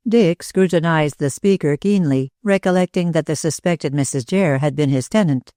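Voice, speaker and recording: A woman with a low-sitting voice narrates an audiobook from a script in a measured, even storytelling manner. The recording is studio quality with no room sound.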